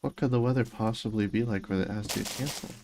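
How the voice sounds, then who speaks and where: A man's voice: on the low side, quick pace, noisy background. A young man casually chatting on a gaming livestream, reading his chat aloud and answering with joking, self-mocking remarks. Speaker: streamer.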